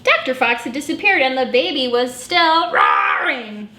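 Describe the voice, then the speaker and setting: Lively librarian lady reading a storybook to little kids, high voice, echoey room, bit of hiss. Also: measured pace. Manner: animated, expressive. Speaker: children's librarian. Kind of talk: storytime read-aloud. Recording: echoey room with faint noise.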